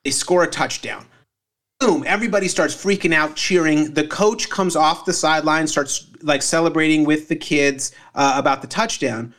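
A man's voice: fairly high pitch, normal speed, fairly bright tone. A man telling a funny anecdote on a casual comedy podcast, rambling with fillers. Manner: rambling with fillers, laughs at own story. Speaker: podcast co-host, parent.

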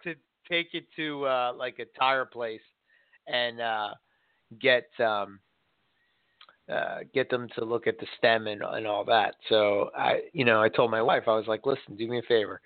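A man's voice: mid-range voice, fairly even intonation, a little slow, no room sound. Man, casual chat, rambling storyteller, dry, phone-like. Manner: rambling storyteller with many fillers and restarts. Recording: dry, tinny phone-like sound.

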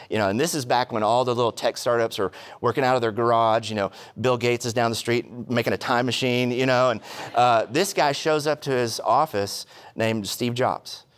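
A man preaching a sermon, telling stories with quick humorous asides and rhetorical questions. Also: medium pitch. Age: adult, past college. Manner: animated storytelling with asides. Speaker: pastor.

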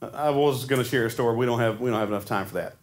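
A man's voice: medium pitch, very fast. A man preaching a sermon in a conversational way, often putting rhetorical questions to his congregation. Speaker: pastor.

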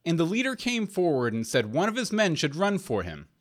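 A man reads an old fairy tale aloud, measured and expressive. His voice sits a little high and moves a lot in pitch. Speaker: reader. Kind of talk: storybook narration.

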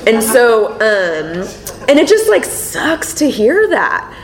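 A woman speaking to an audience in a lively, conversational way, telling stories with laughter. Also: slow. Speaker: panel speaker. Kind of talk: conversational talk with anecdotes. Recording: echoey room with faint rumble.

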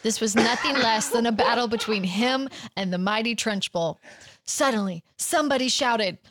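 A woman's voice: fairly high pitch, moderate pace, noisy background. A woman co-hosting a casual book podcast, who chats and reads passages aloud with a bubbly manner and frequent laughter. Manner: bubbly, laughs often while reading. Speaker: podcast co-host.

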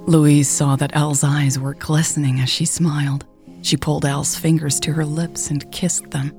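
A woman reads a romance story aloud in a soft, at times whispery manner. Her voice sits low with a gravelly fry. Faint music plays behind her. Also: level tone, normal speed. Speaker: audiobook narrator. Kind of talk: scripted narration.

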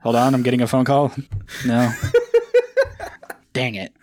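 A man's voice: mid-range voice, steady tone, takes it slowly, darkish tone. A man co-hosting a comics podcast, chatting casually and tossing in joking asides. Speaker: podcast co-host. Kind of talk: casual chat.

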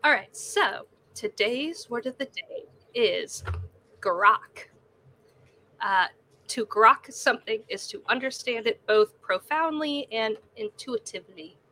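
A woman's voice: on the high side, lively intonation, slow pace, sharp tone. A woman explaining a word on a casual podcast.

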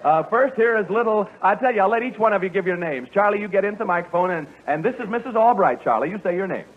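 A man's voice: sits high, lively intonation, fast talker. Jovial man hosting an old radio game show. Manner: jovial, teasing, laughs often. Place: studio stage before an audience. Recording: tinny old radio broadcast with faint hiss.

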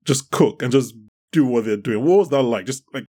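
A man's voice: mid-range voice, lively intonation, moderate pace, darkish tone, slightly rough. Casual male podcast host. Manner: casual, filler-heavy questioning. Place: pub.

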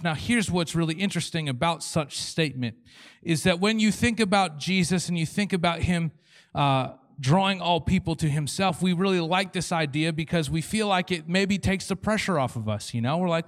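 A man's voice: on the high side, brisk. A man preaching a sermon as pastor, joking and acting out imagined prayers and God's replies. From Canada. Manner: humorous, acts out prayers and replies in quoted voices.

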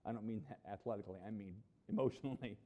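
A man's voice: on the low side, rapid-fire, phone-quality sound. A middle-aged man preaching a sermon as a pastor, talking conversationally and acting out the people he quotes. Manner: conversational, animated, acts out quoted voices.

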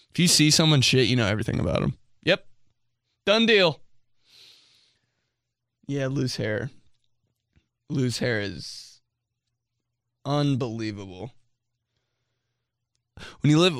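A man's voice: medium pitch, fairly bright tone, clean tone, no room sound, studio quality. A young man hosting a podcast, rambling through comic complaints with lots of fillers and sound effects. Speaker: podcast host. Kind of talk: casual comedic podcast monologue.

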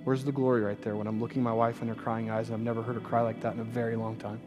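A man in his thirties delivers a sermon from the pulpit, his pitch sitting right in the middle for a man. He is earnest, and he builds to emphatic, repeated phrases as he preaches, then sinks into a hushed, confiding tone for his story. Faint music plays behind him. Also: level tone, very fast. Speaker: pastor.

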